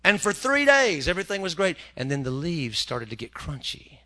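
A man preaching a humorous sermon in a folksy, joking way, slipping into quick character voices. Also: a little high, sing-song, sharp tone.

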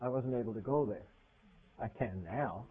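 A man preaching a sermon in a conversational way. He asks his listeners questions, and his voice swings from loud to hushed. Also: mid-range voice, normal speed. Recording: tinny phone-like radio recording.

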